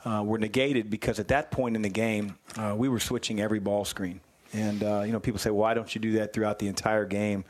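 A man's voice: fairly low pitch, darkish tone. A man who coaches basketball, talking through plays step by step in a conversational radio interview at a live event.

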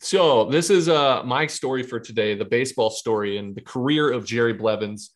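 A man in his thirties chatting on a podcast in a middle-pitched voice. He tells his stories with energy, acts out each line of dialogue and laughs along the way. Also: normal speed. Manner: animated storyteller acting out dialogue, laughing. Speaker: podcast co-host and former baseball pitcher. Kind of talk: casual podcast chat.

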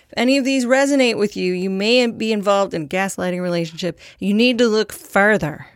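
Talking a little fast in her mid-range voice, a young podcast host delivers a candid, profane monologue with a self-deprecating streak. The studio-quality sound has no echo.

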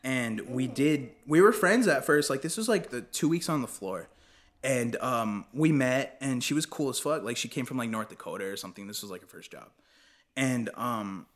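A young man with a middle-pitched voice, chatting casually on a podcast. He tells stories in a laid-back, rambling way, swearing freely and laughing along. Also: expressive, moderate pace. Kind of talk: casual chat.

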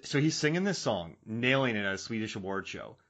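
A man co-hosting a podcast in casual chat, excitable, laughing often and acting out sound effects. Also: fairly low pitch, brisk. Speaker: podcast co-host.

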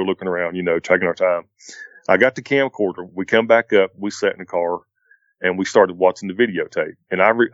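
Middle-aged man, very low voice, loose rambling storyteller; dull, dry recording. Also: dry recording. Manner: rambling, repeats "he said" and "I said". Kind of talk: casual spoken retelling of a strange encounter.

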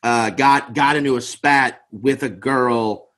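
A man's voice: medium pitch, slow, a bit bright. A man in casual chat, crude and joking, swearing freely and acting out quotes in his stories.

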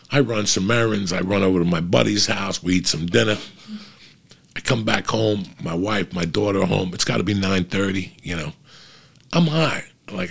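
A man's voice: sits low, gravelly, a bit bright, husky. A man hosting his podcast, telling a rambling story in casual chat and swearing constantly. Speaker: podcast host.

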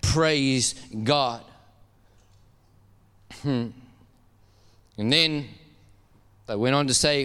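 A man preaching a sermon in a church, animated and laughing as he urges the congregation to call back to him. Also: medium pitch, takes it slowly, pauses often, clean tone, long reverb tail. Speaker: pastor.

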